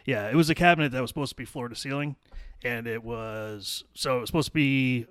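A man's voice: medium pitch, a little fast, a bit bright, clear, resonant tone, no echo, studio quality. A man who works as a contractor, chatting in an easygoing way and often agreeing and chuckling. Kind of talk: casual chat.

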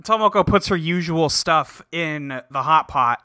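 A man's voice: on the high side, measured pace, pushed and bright, smooth, dry recording, clean studio sound. A man co-hosting a podcast, recapping an episode casually, with lots of fillers and laughs. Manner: laughing, filler-heavy storytelling. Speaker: podcast co-host.

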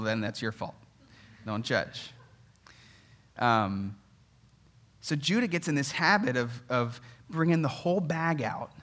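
A man in his thirties, a pastor giving a sermon in an animated, conversational way, telling stories with humor. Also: mid-range voice.

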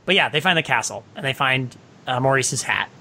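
Woman co-host, casual movie chat, bright tone, playful, laughs easily. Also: extremely low pitch, animated, a little fast, slight background noise. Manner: chatty, laughs often, acts out characters' lines. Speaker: podcast co-host.

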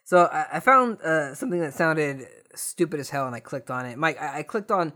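A man's voice: a little high, animated, brisk, bright, forceful tone. Young male podcast host with a sarcastic, swearing storyteller's rant that swings between mutters and outbursts.

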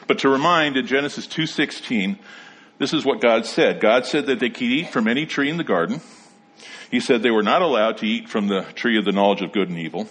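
A man preaching a sermon, explaining scripture in a measured teaching manner and reading passages aloud. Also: mid-range voice, a bit bright, husky. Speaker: pastor.

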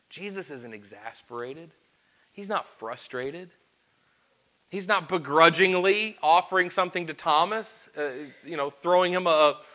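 A male preacher with a fairly high, bright and forceful voice delivers an earnest sermon. He drops into quiet, intimate confession, then builds to loud, emphatic rhetorical questions.

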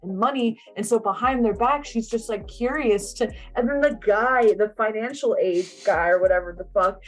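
A woman's voice: fairly high pitch, normal speed. A young woman casually recapping a movie, blunt and chatty, swearing freely and saying "like" often.

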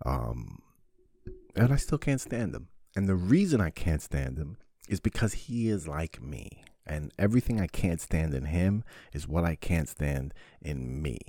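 A man's voice: extremely low pitch, sing-song, measured pace, warm tone, no room sound, clean studio sound. A man hosting his own podcast, talking in a profane, rambling, sarcastic solo monologue. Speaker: podcast host.

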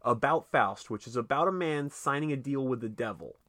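A man's voice: medium pitch, animated, a little fast, bright, forceful tone, no echo, clean studio sound. A man co-hosting a casual film podcast, chatty and profane, laughing often and acting out movie lines. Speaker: podcast co-host. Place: home, recorded late at night.

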